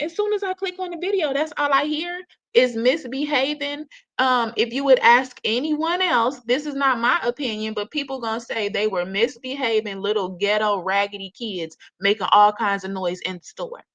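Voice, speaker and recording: A woman with a fairly high, slightly bright voice talks at a normal speed while hosting a casual reaction commentary. She's chatty and slangy, laughs often, and calls her viewers "y'all," all captured in dull lo-fi audio.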